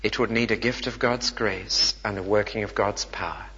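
A man's voice: fairly low pitch, fairly even intonation, normal speed, bright, forceful tone. Preacher guy, earnest, punchy emphasis, dull old recording with long church echo. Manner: earnest, rhetorical, rising emphasis. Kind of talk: sermon.

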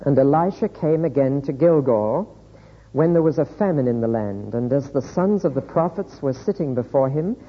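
A man preaching a sermon, reading scripture aloud in a measured, deliberate way. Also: medium pitch, expressive, slightly rough. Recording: echoey hall, dull lo-fi sound.

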